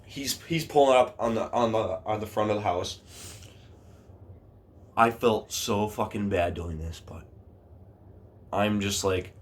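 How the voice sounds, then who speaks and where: A man telling a story on his vlog in a casual, animated way, swearing freely and often restarting his sentences. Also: on the low side, unhurried, long pauses.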